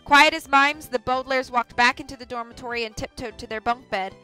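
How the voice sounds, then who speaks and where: Bright-voiced woman reading a storybook. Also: high-pitched, soft background music, rough recording. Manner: clear, measured storytelling. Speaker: audiobook reader. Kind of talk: reading a novel aloud on a livestream.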